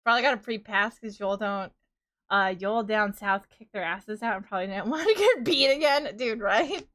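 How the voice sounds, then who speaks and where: A woman's voice: mid-range voice, animated, normal speed, fairly bright tone. A woman in her thirties with a New York accent, chatting casually with her live-stream viewers, rambling and laughing often as she riffs on tangents. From New York, USA.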